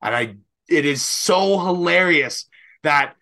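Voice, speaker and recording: A man's voice: mid-range voice, normal speed, bright, forceful tone. A young Canadian man co-hosting a podcast, rambling casually, laughing and swearing now and then. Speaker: podcast co-host. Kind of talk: casual chat.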